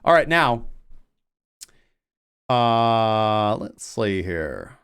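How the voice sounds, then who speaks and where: Smooth-voiced rambling crypto host. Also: male voice, mid-range voice, a little fast. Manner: rambling, filler-heavy talk. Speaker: crypto trading show host. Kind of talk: casual market commentary.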